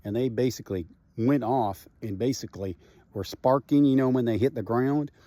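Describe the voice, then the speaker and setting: A middle-aged man, a comedian, telling a personal story in a casual, animated and profane way, often tagging his lines with "right?". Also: medium pitch, normal speed, no echo.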